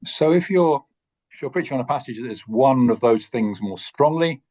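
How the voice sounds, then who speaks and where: A man teaching a course on preaching, speaking in a thoughtful, measured way with frequent pauses and restarts. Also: mid-range voice, dark tone, highs cut off. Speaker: course tutor.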